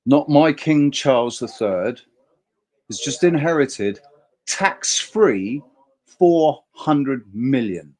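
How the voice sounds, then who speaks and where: A man's voice: medium pitch, darkish tone. A man hosting a casual livestream chat, talking emphatically in a rambling way and swearing freely. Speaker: host.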